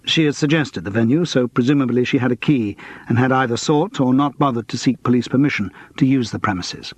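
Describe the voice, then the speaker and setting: A man narrating a mystery audiobook in a measured, even storytelling manner. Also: mid-range voice, dry recording.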